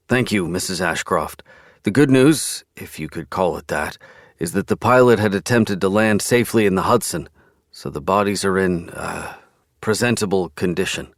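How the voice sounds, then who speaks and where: A man's voice: deep voice, moderate pace, dry recording, clean studio sound. A man voicing a blunt, crass male police officer in an audiobook. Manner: crass, impatient.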